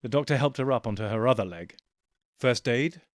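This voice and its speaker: A man narrating a science fiction audiobook in a measured, quiet storytelling voice. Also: medium pitch, no room sound. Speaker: audiobook reader. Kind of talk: scripted narration.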